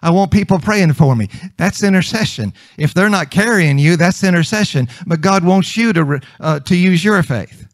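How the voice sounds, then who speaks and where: Brief: male minister, high voice, conversational sermon with emphatic repetition. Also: expressive, normal speed, few pauses, no room sound. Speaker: preacher.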